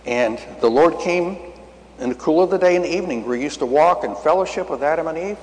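An older man preaches a sermon, telling a folksy story and acting out the dialogue as his voice climbs to emphatic peaks. His voice is fairly high, expressive, brisk and a little mellow. A long hall reverb colors the recording.

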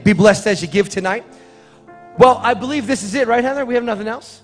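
A man's voice: sits high, fairly quick. A man giving church announcements and leading a prayer in a chatty, rambling way with joking asides. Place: church sanctuary. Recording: reverberant church hall with faint music.

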